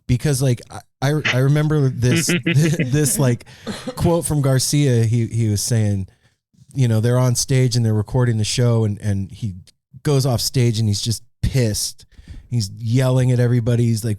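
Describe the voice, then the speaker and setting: A man's voice: medium pitch, fairly even intonation, moderate pace, a little mellow, dry recording, clean studio sound. A man hosting a podcast, chatting casually and telling stories, often repeating words as he starts. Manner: thoughtful, tells anecdotes, stumbles on repeats. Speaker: podcast host. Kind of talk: casual conversation.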